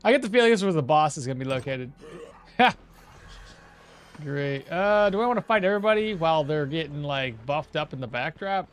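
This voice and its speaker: Lively, chuckly gamer man thinking aloud. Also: fairly high pitch, fairly quick, clean tone, faint music behind. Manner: thinks aloud, chuckles often, answers chat. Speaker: streamer playing a game. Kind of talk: casual gameplay commentary.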